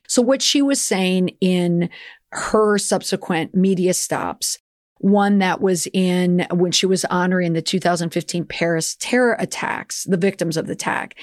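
A woman's voice: fairly low pitch, dry recording, clean studio sound. A woman hosting a podcast about public relations, giving chatty, opinionated commentary and sometimes slipping playfully into mock accents. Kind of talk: casual commentary.

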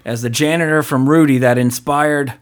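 Man, podcast host, casual chat, rambling, joking, filler-heavy, mid pitch. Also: fairly even intonation, moderate pace.

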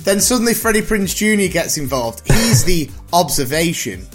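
A man in his thirties with a high voice, hosting with a playful, teasing energy and often laughing mid-sentence. Faint music sits under the talk. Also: sing-song, moderate pace, slightly rough. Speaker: podcast host. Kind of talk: casual chat.

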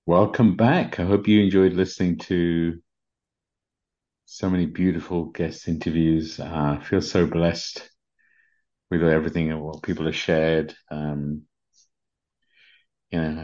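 A middle-aged man with a British accent hosting a spiritual podcast, talking gently and earnestly with many fillers and restarts. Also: deep voice, lo-fi sound. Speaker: podcast host. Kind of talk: casual spiritual podcast talk.

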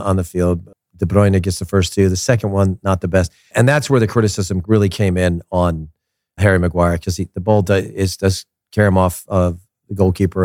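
A man hosting a casual soccer commentary show, opinionated and animated, repeating his points for emphasis. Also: low voice, no room sound, studio quality. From United States.

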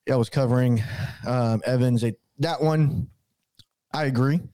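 A man hosting a sports podcast, walking through game plays in a measured, casual way. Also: medium pitch, mellow, no echo. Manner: measured, breaks down plays with restarts. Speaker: podcast host.

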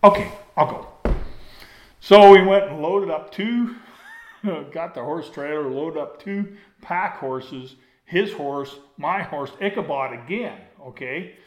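A man's voice: fairly high pitch, slow pace, a little mellow. An older man, a former hunting guide, telling a rambling personal story in a folksy way, often drifting off and circling back. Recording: roomy echo.

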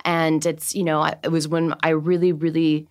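A woman in her thirties from the United States, a guest on a podcast interview, telling stories in an animated way, laughing often and acting out what people said. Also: sits low, normal speed. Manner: animated, laughs often, acts out quotes of herself and others. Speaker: guest, Olympic swimmer.

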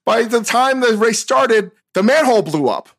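A middle-aged man with a high-pitched voice hosts a loose podcast conversation. He tells stories in an animated way, jumps into loud acted-out quotes, and keeps laughing along. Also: normal speed, vocal fry. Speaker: podcast host. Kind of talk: casual chat.

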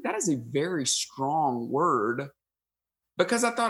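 A man, a pastor guest on a podcast, telling a story in casual conversation, self-deprecating and animated, acting out his own thoughts. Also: fairly high pitch, slow. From United States.

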